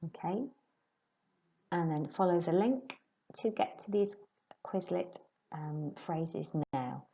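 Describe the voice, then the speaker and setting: A woman teaching a French lesson to pupils, slowly and clearly modelling phrases for them to repeat. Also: fairly low pitch, mellow, muffled recording. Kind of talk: recorded remote lesson.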